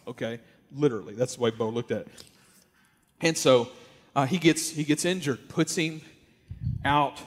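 A man telling a story casually and animatedly, with lots of fillers. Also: mid-range voice. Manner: animated, acts out quoted voices, many fillers. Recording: long hall reverb.

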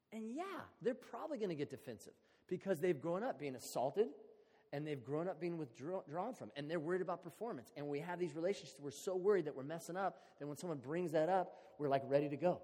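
A man preaching a sermon in a relaxed, conversational, storytelling way. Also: on the high side, fairly quick. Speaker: pastor. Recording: long hall reverb.

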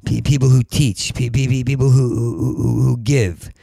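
A man hosting a podcast in a rambling monologue, with a heavy stutter that repeats syllables, and at times rising to a loud urgent plea. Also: mid-range voice, level tone, moderate pace, gravelly, breathy edge, no echo, studio quality. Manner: rises to loud urgent pleading. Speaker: podcast host.

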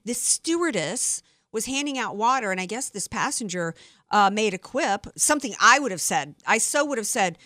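Animated, bright-voiced woman host. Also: mid-range voice, no echo, studio quality. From Deep South of the United States. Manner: emphatic, opinionated, quick asides. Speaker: radio talk show host. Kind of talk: opinionated talk radio chat.

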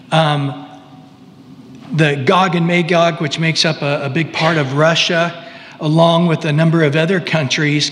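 A man's voice: fairly high pitch, fairly bright tone. Conversational male preacher, hall reverb. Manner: conversational, halting, with asides. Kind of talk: sermon.

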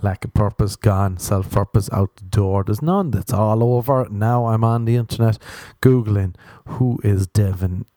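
A young Irish stand-up comedian ranting in a sweary, self-mocking comic monologue. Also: male voice, lowish voice, moderate pace, dark tone, no room sound. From Ireland.

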